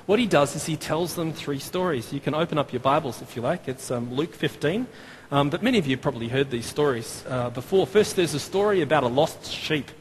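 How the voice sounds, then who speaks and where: Chatty Australian man preaching in a hall. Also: on the high side. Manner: chatty and self-deprecating, with many fillers and restarts. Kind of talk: sermon. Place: church. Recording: long hall reverb, faint room noise.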